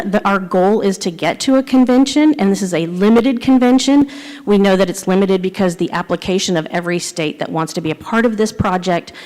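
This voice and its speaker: A woman delegate giving testimony to a committee at a hearing. She talks in a steady, explanatory way, like a civics lesson. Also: medium pitch. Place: large convention hall. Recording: echoey large convention hall.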